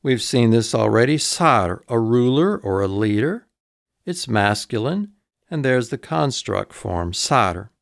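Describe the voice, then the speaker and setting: A man gives a recorded vocabulary lesson at an unhurried pace. He says each word twice and takes it apart letter by letter. The sound is dry and close, with no room around it. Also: mid-range voice, expressive, creaky, no echo. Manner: slow, deliberate, repeats each word and spells it out. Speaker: instructor.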